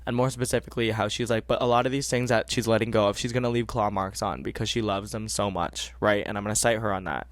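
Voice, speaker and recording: A young man hosting a podcast, giving earnest, animated advice in casual talk and repeating phrases for emphasis. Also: fairly low pitch, quick pace, hardly any pauses, no echo. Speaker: podcast host.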